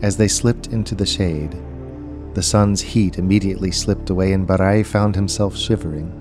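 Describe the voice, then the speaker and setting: A man reading a story aloud as narrator, in a measured, unhurried storytelling manner. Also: low voice, steady tone, over music. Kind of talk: scripted audiobook narration.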